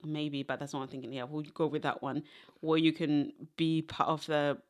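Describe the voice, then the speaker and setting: In a casual interview chat, a young adult woman from Zimbabwe who is guesting on a podcast talks at a moderate pace in a low, level voice. She meanders through tangential stories, laughing frequently.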